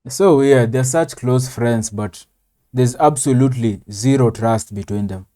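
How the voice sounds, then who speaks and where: A man's voice: mid-range voice, unhurried, warm tone. A man casually commenting on a TV episode as he watches, rambling and tacking "man" or "bro" onto his lines. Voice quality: says "man" and "bro" constantly, rambling with fillers. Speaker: reaction video host. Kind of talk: casual commentary over TV clips.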